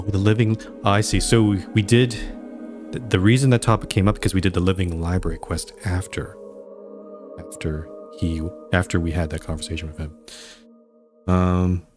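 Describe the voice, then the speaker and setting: A male game streamer talks in a low, relaxed voice, reacting wryly and trailing off mid-sentence. Soft music sits faintly in the background. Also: moderate pace. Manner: chatty, wry, laughs and trails off. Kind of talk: casual live commentary while playing.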